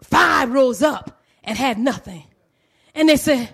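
A woman preaching a sermon with impassioned, rhythmic, repetitive phrasing. She swings from low murmurs to shouted cries. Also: animated, slow pace, vocal fry, slightly rough.

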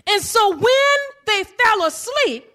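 A woman preaching a sermon with impassioned, rhythmic, repetitive phrasing. She swings from low murmurs to shouted cries. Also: lively intonation, takes it slowly.

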